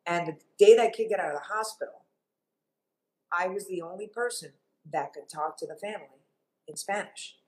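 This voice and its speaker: A woman's voice: on the low side, moderate pace, long pauses, rough recording. A middle-aged woman from Cuba, a TV journalist, talking emphatically as a guest in an interview. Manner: animated, emphatic storyteller. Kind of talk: interview conversation.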